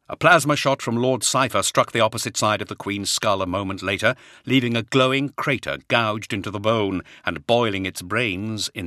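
A man's voice: lowish voice, no echo, clean studio sound. A man reading a science-fiction war novel aloud as a scripted dramatic narration, lifting his voice for the battle cries. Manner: dramatic, raises voice for shouted lines. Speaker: audiobook narrator.

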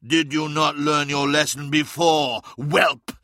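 A man's voice: medium pitch, unhurried, vocal fry, bright, forceful tone, no room sound, studio quality. A man voicing a wrathful, towering male demigod warlord in an audiobook, speaking in a stern, commanding way. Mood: angry.

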